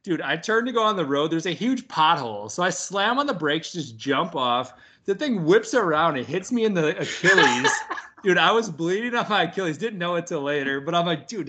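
Young guy ranting thru a story, bright forceful voice, cusses a lot, laughs as he goes. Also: on the high side. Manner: animated, swears often, laughs through the story. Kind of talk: casual storytelling.

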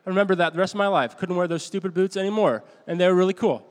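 A middle-aged man preaching a sermon in a conversational, storytelling way, often restarting his sentences and poking fun at himself. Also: high-pitched. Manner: conversational storytelling, halting restarts, self-deprecating. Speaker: pastor. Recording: long hall reverb.

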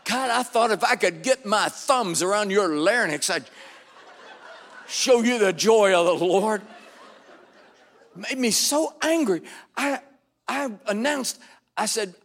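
Older male preacher; wry, dramatic storyteller, fairly high voice, punches up key lines. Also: lively intonation, slow, pauses often. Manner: wry, dramatic storytelling with sudden loud bursts. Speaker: pastor. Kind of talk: storytelling sermon. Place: church sanctuary before a congregation.

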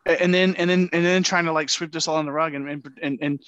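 A man's voice: on the high side, fairly even intonation, fast, fairly bright tone, clear, resonant tone, no echo, lo-fi sound. A man co-hosting a debate podcast, speaking passionately and repeating words as he builds his point. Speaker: podcast co-host. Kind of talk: casual debate chat.

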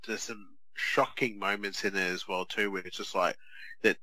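This is a man, talking on a podcast in a chatty, animated way and restarting his sentences often. His voice is fairly low but very bright and sharp. The sound is dry and close, with no room around it. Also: normal speed, no echo, poor audio. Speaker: podcast co-host. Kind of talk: casual chat.

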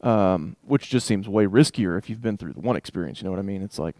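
A man teaching a Bible passage in a relaxed, conversational way, reading verses aloud and thinking out loud with asides. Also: fairly low pitch, fast, dry recording, studio quality. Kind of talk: casual Bible study talk with scripture reading.

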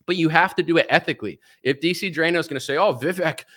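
A man in his thirties delivers a combative, mocking political rant. His voice sits a little high and comes through bright and forceful, with sarcasm running through his talk. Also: very fast. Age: 30s. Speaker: political commentary host. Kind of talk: ranting political commentary.

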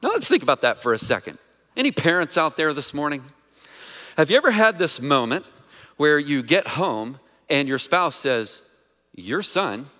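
A pastor delivers his sermon in a slightly high, pushed, bright voice, chatting with the congregation and asking them questions. The sanctuary gives the recording a long hall reverb.

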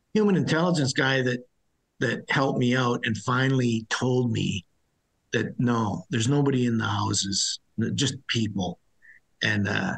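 Gravelly, husky middle-aged man. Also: mid-range voice, low-quality recording. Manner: blunt, rambling, with frequent restarts. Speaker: interview guest, former soldier. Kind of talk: conversational storytelling.

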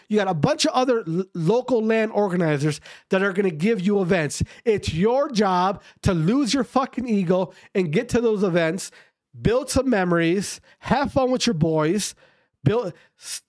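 A man ranting to his viewers about amateur esports players in a profane, fired-up way, then calmly going over the latest news. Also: high voice, no echo, clean studio sound. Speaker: esports commentary streamer. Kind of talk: casual rant and news rundown.

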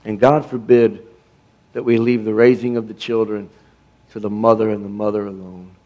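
A man's voice: lowish voice, flat delivery, normal speed, lo-fi sound. A middle-aged man pastor preaching a sermon with emphasis, stumbling over restarts and asking the congregation for amens.

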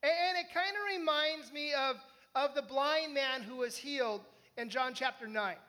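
A man's voice: very high voice, moderate pace. A man preaching a conversational sermon, often asking his listeners questions. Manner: conversational, animated, asks the listeners. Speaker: pastor.

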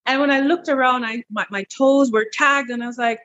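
A middle-aged woman guest in an interview, telling a personal story in a lively, animated way, repeating words as she goes. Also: a little fast, few pauses, highs cut off. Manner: animated, breaks into high quoted voices, repeats words. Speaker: interview guest, wellness clinic owner.

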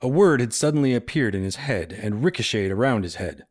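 A man reading a story aloud to friends in a steady, even voice. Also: mid-range voice, a little fast, dry recording, clean studio sound. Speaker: reader.

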